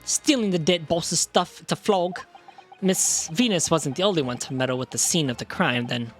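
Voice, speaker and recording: A man's voice: fairly high pitch, moderate pace, faint music behind, natural voice. A man voicing a scrappy young cockney girl from a game he is reading aloud. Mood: cheeky. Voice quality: cockney-styled slangy speech.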